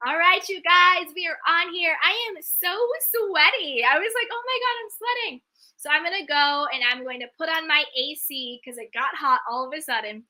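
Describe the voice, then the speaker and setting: A woman's voice: high-pitched, moderate pace, hardly any pauses, pushed and bright. A woman hosting a casual live stream at home, reading viewer comments aloud and reacting with emphatic repeats. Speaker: host reading live chat. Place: indoors at home.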